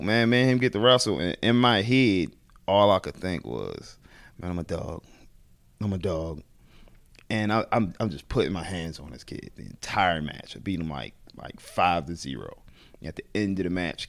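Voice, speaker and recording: A man in his thirties from Baltimore, a head wrestling coach telling lively stories in an interview and acting out the voices he quotes. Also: low-pitched. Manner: animated storyteller, acts out quoted voices. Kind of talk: storytelling in a podcast interview.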